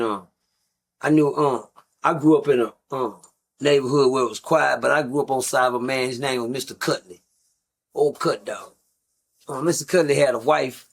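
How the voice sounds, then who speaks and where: As a guest, a middle-aged man tells long, rambling stories in a blunt manner, with plenty of profanity and casual asides to the listeners. His voice is gravelly and creaky at an ordinary pitch.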